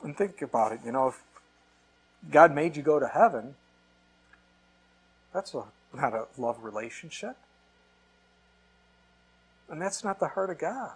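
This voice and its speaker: A male pastor delivers a Bible-teaching sermon in a husky, slightly higher voice. He builds his points with rhetorical questions and frequent scripture quotes. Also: animated, a little slow, long pauses.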